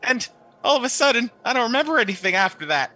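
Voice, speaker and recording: A man voicing a panicky headless male scarecrow, yelping frantically in a very high, loud voice. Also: sing-song, fast, heavily acted. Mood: panicked.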